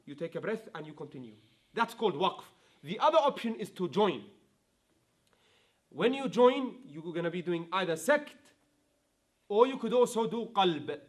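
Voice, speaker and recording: A man teaching a Quran recitation class, explaining rules, chanting example verses and often asking his students if it is clear. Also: high voice, sing-song, moderate pace, long pauses. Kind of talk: online tajweed class.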